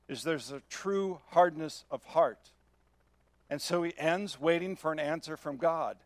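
A man's voice: a little high, dry recording. A man preaching a sermon as pastor, earnest and emphatic, often asking his listeners questions.

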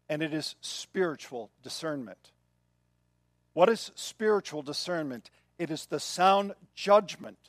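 A man's voice: fairly high pitch, no room sound, clean studio sound. An older man preaching a sermon in a conversational way, often checking in with the listeners. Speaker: pastor.

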